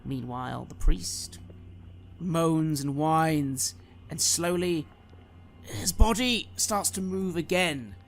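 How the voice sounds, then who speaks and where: A man's voice: a little high, slow pace, gravelly. A man narrating a tabletop horror game as game master, telling the story dramatically.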